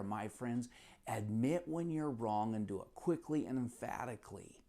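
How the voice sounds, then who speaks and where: A man's voice: medium pitch, animated, normal speed, gravelly, warm tone. A man teaching from a self-help book, retelling an anecdote in an earnest, casual way with many repetitions. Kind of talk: casual storytelling lesson.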